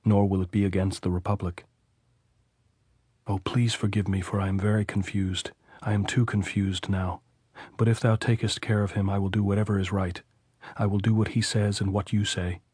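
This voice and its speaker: A man's voice: lowish voice, flat delivery, moderate pace, a little mellow, slightly rough, no echo, studio quality. A man reading the anxious inner prayers of a frightened young woman in an audiobook, pleading and repetitive. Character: frightened young woman praying in her thoughts.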